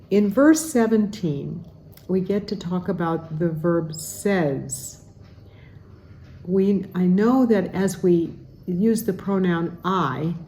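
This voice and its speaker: Slow, mellow-voiced American woman teaching pronunciation. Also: fairly low pitch, a little hiss or hum. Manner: deliberate, enunciating each sound. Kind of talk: slow, careful pronunciation lesson.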